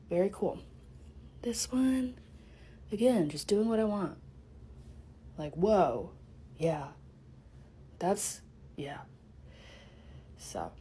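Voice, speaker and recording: Young woman vlogging about her art, bubbly and chatty, kinda mellow husky voice. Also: mid-range voice. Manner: bubbly, chatty, self-interrupting. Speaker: artist vlogger. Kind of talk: casual vlog narration.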